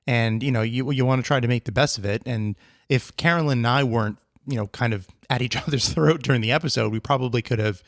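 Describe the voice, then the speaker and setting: A man sitting in as a guest on a podcast, telling stories in an animated, teasing casual chat. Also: medium pitch, no echo, studio quality. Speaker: guest co-host.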